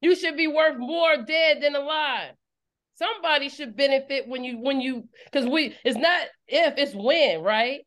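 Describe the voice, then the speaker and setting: Her voice is high, a bit bright, and a little slow. A woman preacher runs an online service, giving a fiery sermon where she repeats phrases for emphasis and the call-and-response keeps rising.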